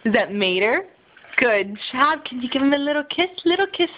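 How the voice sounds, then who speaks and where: A young mother at home, talking to her toddler in a drawn-out, sing-song, coaxing way. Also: high-pitched, expressive. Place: at home, indoors. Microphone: home video camera. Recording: muffled home video with hiss.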